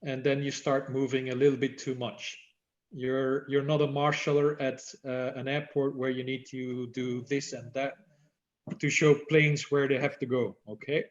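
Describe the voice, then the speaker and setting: A man with a medium-pitched, flat voice at a moderate pace leads an online workshop for badminton umpires, explaining and demonstrating how to use the voice. The audio is echoey, dull and lo-fi.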